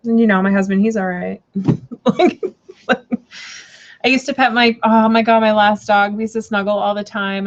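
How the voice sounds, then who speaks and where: She runs an informal tarot livestream, her chatter meandering with lots of filler words, false starts, and self-corrections. The voice is mid-range, with fairly even intonation and a normal pace, captured in dull lo-fi stream audio.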